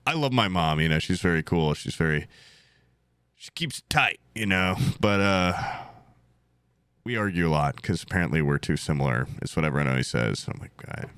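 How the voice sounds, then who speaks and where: A man's voice: low-pitched, lively intonation, a little fast, a bit bright, clean tone, dry recording, clean studio sound. A young man co-hosting a podcast in casual, jokey chat, swearing freely. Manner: swearing, jokey, mimics voices of others in bursts. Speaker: podcast co-host.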